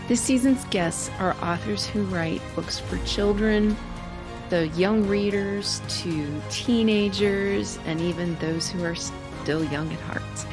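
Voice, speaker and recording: A podcast host from California's Bay Area, this woman has a creaky, mid-range voice. In a casual interview she chats enthusiastically, often restarting her sentences.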